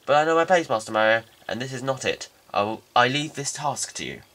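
Guy doing a pompous old gent voice for a game, slow and wordy, bounces up and down a lot. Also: medium pitch, animated, fairly bright tone, close to an everyday voice. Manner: pompous, slow, drawn-out speech. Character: stuffy old-fashioned gentleman, formal, long-winded.

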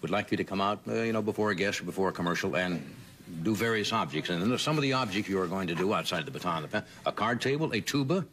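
A man hosting a talk show, a relaxed and chatty interviewer who introduces guests and sets up segments. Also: low voice, fast talker, a little hiss or hum.

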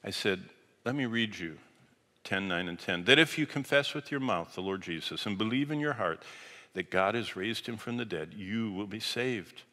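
A man preaching, telling a story in an animated way that swings from loud to hushed, and reading scripture aloud. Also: fairly low pitch, normal speed. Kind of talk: storytelling sermon. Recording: long hall reverb.

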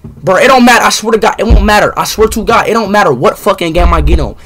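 A young man streaming live, ranting angrily at his chat with lots of swearing and sudden outbursts of shouting. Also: sits high, fast talker, husky. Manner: angry profane ranting, bursts into shouting.

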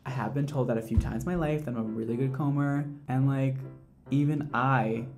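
Sassy, animated male hairdresser reacting. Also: mid-range voice, fairly quick, gravelly, over music. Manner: animated, sassy, with dramatic exclamations. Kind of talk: casual reaction commentary.

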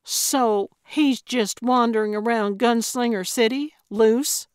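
Brief: cheeky, quick-witted old lady detective, read by a woman narrator, slow and dry. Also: mid-range voice, no echo. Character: feisty eccentric elderly woman sleuth.

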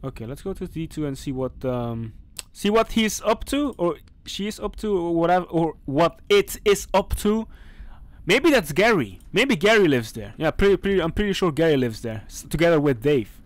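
Faint background noise accompanies a young man hosting a gaming channel, commentating on a horror game while jumping at scares and talking back to the characters. He has a fairly high, very animated voice at a moderate pace.

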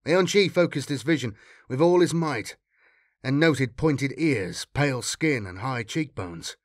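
A man narrates a dark science-fiction tale at a steady, measured pace, building drama as he goes. His voice sits in an ordinary middle pitch and the recording is dry and close, with no room sound. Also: no room sound. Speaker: audiobook reader. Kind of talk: fan reading of a sci-fi story.

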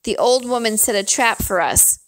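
A woman's voice: a little high, moderate pace, lightly acted. A woman voicing an angry, scornful bully of a man who snarls and barks his words. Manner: snarling, barking.

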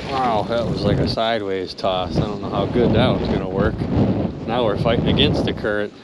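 A man vlogging from a small boat on a river outdoors, talking excitedly to viewers with loud exclamations and lots of "dude" and "you guys". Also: on the low side, fairly quick, very noisy. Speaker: magnet fishing vlogger. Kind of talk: excited outdoor vlog commentary.

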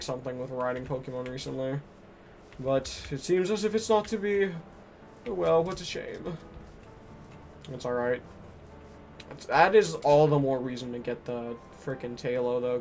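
A man streaming a game live, chatting excitably, muttering to himself and to his chat. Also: medium pitch. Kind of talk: live gameplay commentary.

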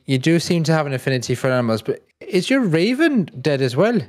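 A man's voice: fairly high pitch, sing-song, fast talker, a little mellow. A man playing in a tabletop game, speaking casually with hesitant, stammering restarts. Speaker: player.

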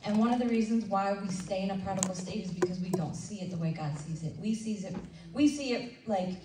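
A woman leading a women's ministry breakfast, preaching in a conversational, animated way and acting out little asides. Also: mid-range voice, fairly quick, hardly any pauses. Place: church event room. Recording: roomy hall sound from a distant mic with faint noise.

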